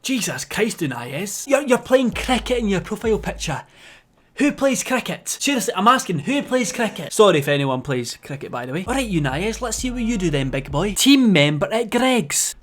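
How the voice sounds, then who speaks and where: A man's voice: sits high, sing-song, a little fast. A young Scottish man in his twenties doing a sarcastic commentary vlog, swearing and stumbling over restarts. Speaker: YouTuber.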